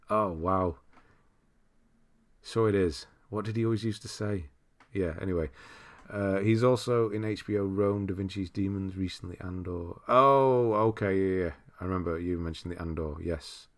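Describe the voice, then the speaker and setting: A man with a deep, low voice hosts a casual live stream. He rambles easily, reads out viewers' messages and breaks into laughter often. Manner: relaxed, rambling, reads chat aloud with frequent laughs. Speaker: streamer host.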